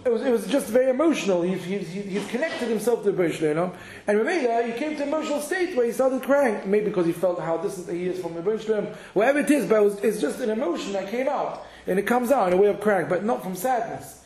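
Quick and lively in intonation, a Torah teacher with a fairly high, darkish voice leads a halachic lesson while thinking on his feet, stumbling into restarts and repeated words. Hebrew and Yiddish terms dot his speech, and the room is reverberant.

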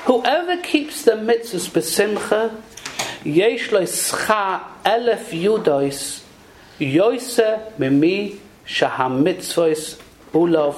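A woman's voice: on the low side, slight background noise. A woman teaching Torah in a sermon, telling a parable and mixing in Hebrew and Yiddish terms. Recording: echoey room.

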